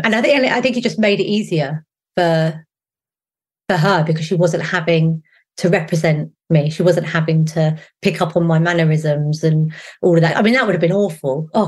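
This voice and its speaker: A middle-aged woman with a thick South East London accent answers interview questions in a chatty, animated way. She keeps restarting her sentences and filling pauses with "um" and "you know". Her voice sits a little low for a woman. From England. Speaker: showrunner guest.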